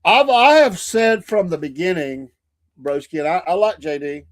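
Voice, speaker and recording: A man's voice: high voice, very animated, moderate pace. Rambling man spinning yarns. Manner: rambling storyteller with many restarts and fillers. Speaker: co-host reading viewer comments. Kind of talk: casual livestream chat.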